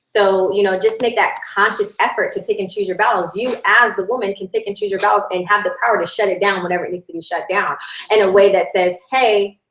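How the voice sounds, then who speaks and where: A woman co-hosting a talk, explaining her point in a calm and measured way. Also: mid-range voice, roomy sound, rough recording. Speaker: co-host. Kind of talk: casual teaching talk.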